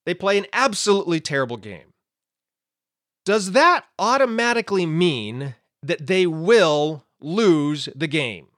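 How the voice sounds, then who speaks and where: A man's voice: on the high side, big pitch swings, unhurried, fairly bright tone, no echo, clean studio sound. A man teaching the Bible in a conversational way, explaining with everyday examples and often checking in with his listeners.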